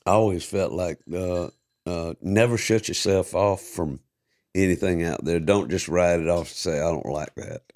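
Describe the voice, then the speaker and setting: Male podcast host, very deep voice, reflective. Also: steady tone, normal speed, darkish tone. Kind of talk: casual podcast interview.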